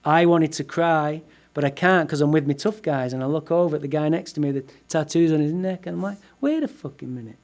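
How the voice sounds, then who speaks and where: Animated, profane male storyteller. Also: on the high side, fairly quick. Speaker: speaker at a recovery meeting. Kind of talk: humorous personal storytelling talk. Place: meeting room before a live audience.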